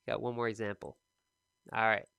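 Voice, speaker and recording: A man teaching TOEFL speaking on a live stream, explaining in a relaxed, conversational way. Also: lowish voice, normal speed, creaky, clean tone, dry recording.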